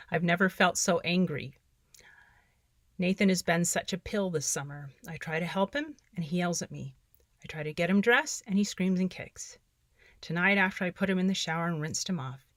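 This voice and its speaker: A middle-aged woman hosting her own podcast, reading journal entries aloud in an earnest, soft-spoken way with the odd wry laugh, then sharing tips. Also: fairly low pitch, no echo, studio quality. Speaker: podcast host.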